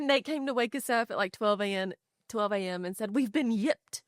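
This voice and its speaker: A woman co-hosting a podcast in casual chat, telling stories with lively acted-out quotes. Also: a little high, moderate pace, no echo, studio quality. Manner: animated storyteller, acts out quotes. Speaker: podcast co-host.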